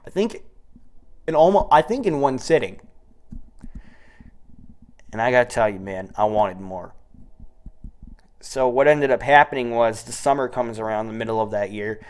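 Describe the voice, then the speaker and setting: A man's voice: mid-range voice, normal speed, long pauses. A man in his twenties from the United States, telling a rambling, profane story in a casual monologue, recorded on an old microphone. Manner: rambling, profane, animated retelling. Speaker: solo storyteller.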